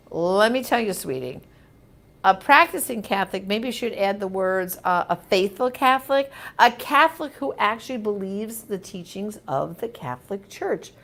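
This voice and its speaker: A woman's voice: medium pitch, fairly bright tone. A woman hosting a live show, reading viewer comments and answering them in an emphatic, conversational way.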